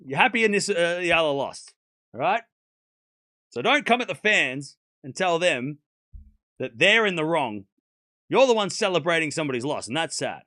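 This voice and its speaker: A man's voice: a little high, moderate pace, long pauses, no echo, clean studio sound. Blunt man with a sore throat. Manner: blunt and animated, scolding chatters, swearing. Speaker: tennis livestream host. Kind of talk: casual livestream chat to viewers' comments.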